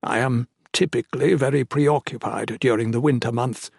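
A man's voice: medium pitch, fairly even intonation, moderate pace, vocal fry, husky, no echo, clean studio sound. A man voicing an earnest, proper village clergyman in an audiobook, formal and apologetic. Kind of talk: audiobook character voice.

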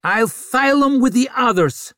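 A woman's voice: on the high side, animated, moderate pace, fairly bright tone, no echo, studio quality, pitched above the performer's own voice. A man voicing a hard-bitten, weary female police chief inspector who talks bluntly and swears. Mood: threatening. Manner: blunt and profane.

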